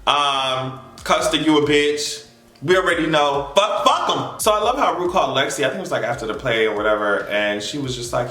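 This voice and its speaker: Male vlogger, casual recap, cussing and animated; bright tone, roomy echo. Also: on the high side, brisk. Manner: animated, profane storytelling with acted reactions. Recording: echoey room with faint music.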